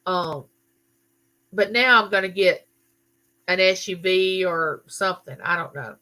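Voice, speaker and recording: Bright-voiced chatty woman. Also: fairly low pitch, a little slow. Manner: chatty storytelling, answers viewer comments. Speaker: livestream host. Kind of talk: casual live chat.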